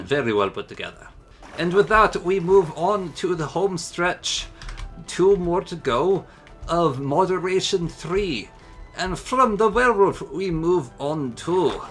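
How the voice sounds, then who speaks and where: Enthusiastic male gaming host, casual commentary, bright voice. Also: fairly high pitch, lively intonation, measured pace. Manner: chatty, enthusiastic. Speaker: mod showcase host.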